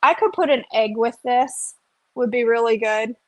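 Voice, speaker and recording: A woman's voice: fairly high pitch, moderate pace, no echo. Chatty woman cooking on camera. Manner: chatty, often adds "okay?" and "y'all". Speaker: cooking vlogger. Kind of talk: casual cooking vlog.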